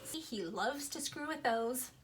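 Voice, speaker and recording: A woman's voice: sits high, animated, measured pace, a bit bright. A young woman vlogger casually telling a rambling story to camera, with many fillers and restarts. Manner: chatty, rambling, lots of fillers.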